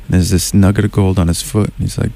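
Male musician guest, lowish voice, rambling storyteller, radio studio interview. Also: level tone, quick pace, creaky, warm tone. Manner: loose, winding storyteller who circles back on himself.

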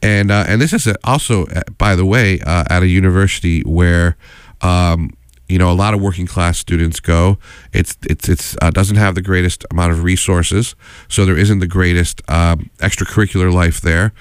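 Deep-voiced man hosting talk radio. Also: steady tone, normal speed, clear, resonant tone, dry recording, clean studio sound. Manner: rambling, digressive, earnest. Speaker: radio show host. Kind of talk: unscripted radio commentary. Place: college radio studio.

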